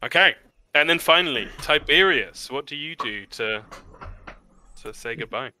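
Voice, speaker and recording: A man narrating as game master for a tabletop role-play game, describing scenes in a warm, descriptive manner and laughing easily. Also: mid-range voice, expressive, a little slow, slight background noise.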